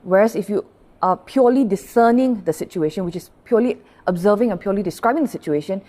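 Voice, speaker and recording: A woman's voice: medium pitch, lively intonation, quick pace, dark tone. Patient woman pastor teaching. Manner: patient, explanatory, checks in often with "all right?"; greets live viewers by name between points. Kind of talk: livestreamed Buddhist dharma talk.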